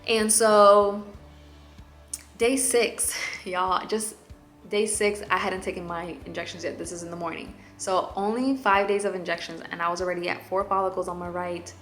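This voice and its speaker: A woman's voice: on the low side, fairly bright tone. A young woman, chatting candidly to her vlog viewers with lots of fillers. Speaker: vlogger. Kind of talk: casual chat.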